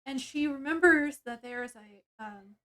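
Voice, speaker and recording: A woman's voice: sits high, a little slow, sharp tone. A woman reviewing a book, casually retelling its plot in a rambling way with many fillers and restarts.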